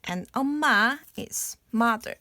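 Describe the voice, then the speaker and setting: A young South Korean woman speaks with a fairly high, animated voice whose tone is bright and forceful, recorded with no echo. Korean-accented, she patiently and slowly explains a beginner lesson, sing-songing playful laughter sounds as examples.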